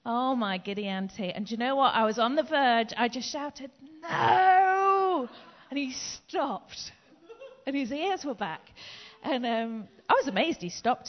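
Woman pastor, lively storytelling sermon, dull recording with a long hall echo. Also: fairly high pitch. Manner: lively, chatty storytelling with laughs. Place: church hall.

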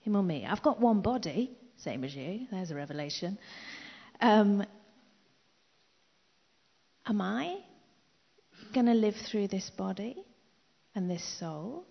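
A middle-aged woman delivers a sermon, her voice rising and falling with lively swings in pitch. She is emphatic and repeats key phrases, then slips into quiet asides. The recording is muffled and rings with the long echo of a large hall. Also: takes it slowly, vocal fry, pauses often, breathy edge. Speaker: preacher. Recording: dull echoey hall recording.

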